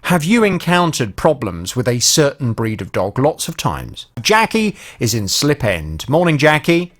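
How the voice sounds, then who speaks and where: Lively radio phone-in host. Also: male voice, medium pitch, measured pace. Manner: animated, conversational, addresses listeners directly.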